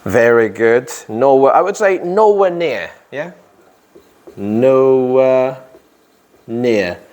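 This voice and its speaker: A man teaching an English grammar lesson in a classroom, speaking deliberately, stressing key words and quizzing his students. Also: mid-range voice, animated, a little mellow.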